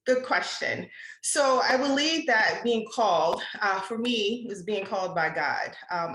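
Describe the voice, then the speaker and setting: Woman guest, earnest and reflective, mid-pitched voice, roomy echo. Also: fairly bright tone. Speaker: writer and producer, guest. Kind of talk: interview answers.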